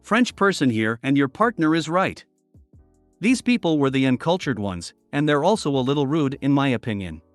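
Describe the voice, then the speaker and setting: A man reading online stories aloud as a narrator in a steady voice. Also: mid-range voice, moderate pace, dry recording. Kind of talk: scripted story narration. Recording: dry with faint music behind.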